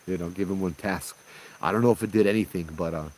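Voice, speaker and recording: A man, working as a ghost tour guide and telling a ghost story in a relaxed, conversational way. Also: sits low, fast, slight background noise, poor audio. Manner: relaxed, conversational, often asks "right?" and "you know?". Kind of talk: casual spoken ghost story.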